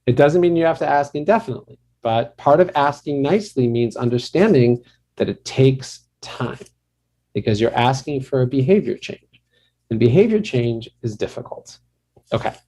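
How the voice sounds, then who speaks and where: A man's voice: medium pitch, animated, normal speed, dark tone. A middle-aged man, a marriage counselor, giving a conversational workshop talk to a group and often laughing and calling on participants.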